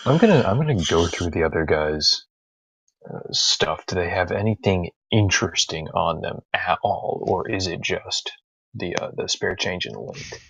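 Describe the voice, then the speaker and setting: A man playing a tabletop role-play game, slow and matter-of-fact. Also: low voice, animated, creaky, a bit bright, slightly rough, no echo, low-quality recording. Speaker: player.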